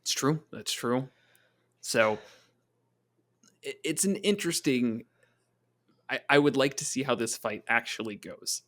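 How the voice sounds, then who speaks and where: The talk here is a relaxed discussion of game design from a podcast co-host focused on tabletop monsters. With an average mid-range voice, he thinks out loud, keeps it conversational and thoughtful, and sometimes performs quick quoted voices for his players.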